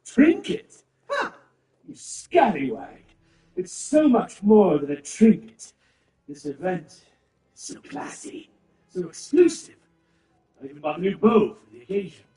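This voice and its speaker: A man's voice: high voice, big pitch swings, a little slow, dark tone. An actor playing a fussy, vain male aristocrat who gushes and rambles theatrically. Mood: gushing. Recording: roomy, distant, game music behind.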